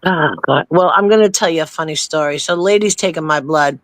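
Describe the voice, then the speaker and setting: A woman's voice: low-pitched, fairly quick, no echo. A woman co-hosting a casual political chat show, telling stories in an emphatic, chatty way. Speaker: podcast co-host.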